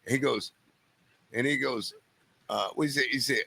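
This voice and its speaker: A man, a comedian guest, telling stand-up stories with sudden shouted punchlines and quick drops to a mutter. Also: medium pitch, creaky, breathy edge, no room sound. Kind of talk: animated storytelling.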